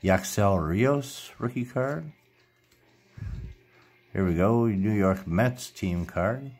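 A man's voice: fairly low pitch, slow, a little mellow. A middle-aged man casually chatting while opening baseball card packs, reading out player names and tripping over a few. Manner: reads player names one after another, trips over names and corrects himself. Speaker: card collecting YouTuber.

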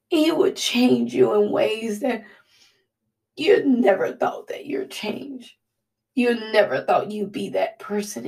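Earnest gravelly-voiced woman giving a devotional. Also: fairly high pitch, a little mellow, distant mic. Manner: earnest, halting, emotional delivery; Southern-style "y'all". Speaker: devotional speaker. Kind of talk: heartfelt spoken devotional.

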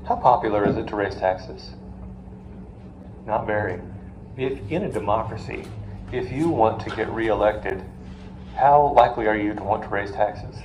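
A man's voice: fairly low pitch, normal speed, long pauses, a little mellow, lo-fi sound. Man lecturing a class in a roomy hall. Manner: storytelling, asks the class questions, jokey asides. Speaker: finance lecturer. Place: classroom with a live audience. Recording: roomy classroom with faint noise.

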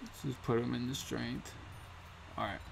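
A man's voice: medium pitch, steady tone, normal speed, gravelly, slight background noise. A young man casually commenting on a survival game, slangy and prone to sudden startled yelps. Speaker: gaming channel host. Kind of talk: gameplay commentary.

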